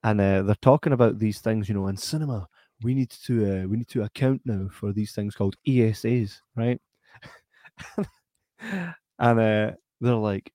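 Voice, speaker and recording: A man's voice: lowish voice, fairly even intonation, normal speed, dark tone, no echo, clean studio sound. A Scottish man telling stories in casual podcast chat, laughing and acting out other people's voices. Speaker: podcast co-host. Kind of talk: casual storytelling.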